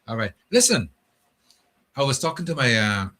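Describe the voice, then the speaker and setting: A man's voice: medium pitch, over loud music. Male radio host. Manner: relaxed, laughs often, quick agreeing replies. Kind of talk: casual call-in radio chat.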